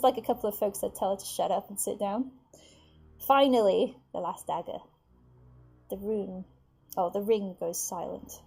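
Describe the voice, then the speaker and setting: Woman, game master, tabletop narration, husky voice, lively, many restarts. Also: mid-range voice, normal speed.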